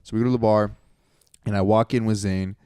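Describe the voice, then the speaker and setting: A man's voice: on the low side, a little fast, smooth, dry recording, studio quality. A young man in his twenties co-hosting a comedy podcast, telling a rambling story that he keeps correcting. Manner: rambling, self-correcting, animated when quoting friends. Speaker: podcast co-host.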